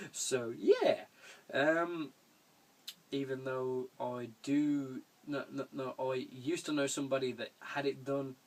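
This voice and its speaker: A young man with an even, mid-range voice takes his time answering viewer questions for a casual Q&A vlog filmed in a room at home. He wanders through his answers, often chuckling and swearing offhandedly.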